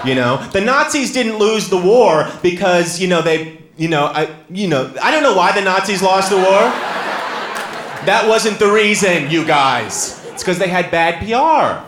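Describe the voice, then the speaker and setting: A man performs a stand-up set, talking to the crowd in an easy, chatty way before suddenly belting out shouted, sung lines. His voice sits a bit high and swings widely in pitch. The sound is roomy and echoey, with clear room noise behind him. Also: animated, measured pace. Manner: conversational, with sudden loud sung and shouted bits. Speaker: stand-up comedian. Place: live comedy stage before an audience. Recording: roomy hall with audible ambience.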